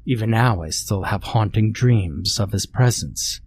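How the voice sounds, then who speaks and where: A man reads a horror story aloud in a low, husky voice. He takes his time, unhurried and deadpan, letting each line land. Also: no echo. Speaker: narrator.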